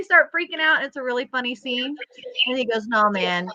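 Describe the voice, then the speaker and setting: A woman hosting an astrology show, chatting casually and telling animated stories with acted-out quotes. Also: sits high, normal speed, dry recording, highs cut off. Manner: animated storytelling, acts out quotes in a rising voice.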